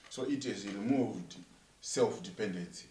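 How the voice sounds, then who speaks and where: A man interviewing a minister, echoing his guest's words and pausing with many fillers. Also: fairly low pitch, dark tone, far from the mic. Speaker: interviewer, church coordinator. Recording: echoey room, off-mic.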